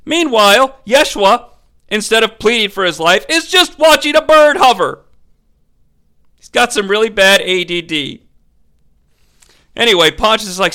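A man's voice: high-pitched, expressive, a little slow, pauses often, pushed and bright. A man hosting a comedic movie recap, narrating in a sarcastic, profane way. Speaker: movie review host.

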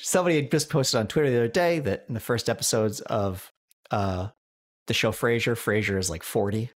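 A man's voice: medium pitch, fairly quick. A man co-hosting a casual comedy podcast, telling stories and laughing often. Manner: animated storyteller, laughs often. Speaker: podcast co-host.

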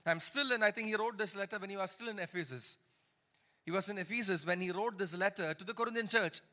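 A high, bright male preacher delivers a sermon. He reads scripture aloud, then breaks off to comment. He drives his points home with repeated lines and calls for the congregation to answer back. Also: quick pace. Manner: preaching with repeated emphatic lines and call-and-response. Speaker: pastor.

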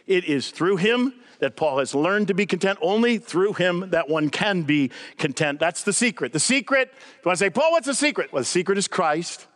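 An older man preaching a sermon as a guest speaker, conversational and animated, driving points home by repeating them. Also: high-pitched, normal speed.

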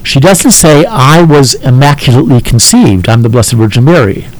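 A man explaining a text to a listener as a teacher, halting and often checking in with "okay?". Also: mid-range voice, expressive, rough recording.

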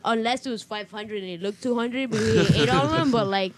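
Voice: medium pitch, a little fast. A co-host from Argentina in a casual chat, asking friends follow-up questions. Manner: chatty, asks follow-up questions.

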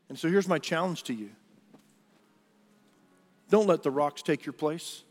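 A man's voice: on the high side, lively intonation, measured pace, pauses often, big-room sound. A man preaching a sermon as pastor, earnest and conversational, often repeating and restarting his words.

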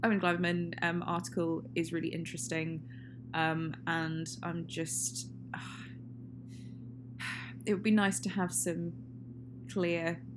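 A woman's voice: fairly low pitch, flat delivery, slow, pauses often. Chatty woman, laughing often. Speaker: podcast co-host. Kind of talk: casual chat. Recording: faint hum and noise.

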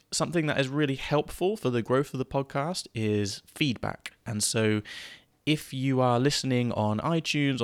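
Low-voiced British man teaching English. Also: dry recording. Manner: relaxed, rambling, many ums and uhs. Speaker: podcast host and English teacher. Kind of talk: solo teaching podcast.

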